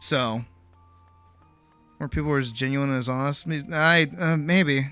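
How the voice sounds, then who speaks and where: A man's voice: medium pitch, slow pace, bright, forceful tone, clear, resonant tone, soft background music. A young adult man streamer telling a personal story in casual chat, acting out both sides of the conversation and often restarting his words. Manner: frequent restarts and repeated words.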